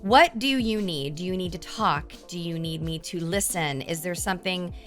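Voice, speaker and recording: A woman's voice: fairly low pitch, moderate pace, fairly bright tone, faint music behind. A woman hosting a casual livestream chat, candid and sweary. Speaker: streamer host.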